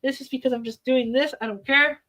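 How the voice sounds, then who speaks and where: A middle-aged woman talks straight to her live stream viewers. She is blunt and defiant and swears freely. Her voice sits a little high and sounds bright and forceful. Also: steady tone, brisk. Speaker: livestreamer. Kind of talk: casual live stream chat.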